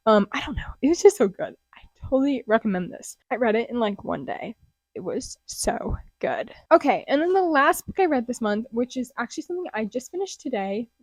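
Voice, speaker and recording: A young woman with a fairly high voice talks through her monthly reading in a chatty, gushing way. Her excitement often tips into breathy whispers. The sound is close and dry, with no room around it. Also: no room sound. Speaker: booktuber. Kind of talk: casual book review vlog. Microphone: close desk mic.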